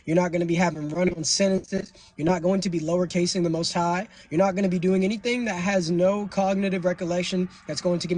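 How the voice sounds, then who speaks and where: Fast-talking preachy man hosting a stream. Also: high-pitched, darkish tone. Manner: preachy, lecturing, slangy. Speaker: livestream host. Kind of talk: casual livestream talk.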